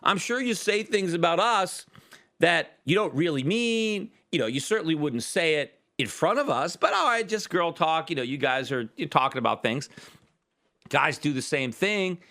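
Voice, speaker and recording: A man's voice: fairly high pitch, animated, normal speed, sharp tone. A man hosting his own podcast, giving emphatic, argumentative political commentary full of rhetorical questions. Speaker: podcast host.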